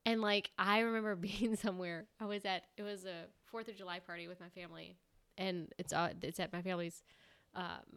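Bright, clear-voiced chatty woman host. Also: lowish voice, fairly even intonation, brisk. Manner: chatty, laughing, lots of fillers. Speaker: podcast host. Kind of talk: casual chat.

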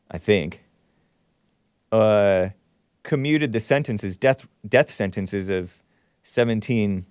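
A man hosting a call-in talk show, ranting sarcastically and reacting with quick laughs and asides. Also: mid-range voice, smooth, no room sound, clean studio sound. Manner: animated, sarcastic, swings loud and soft, laughs at his own jabs.

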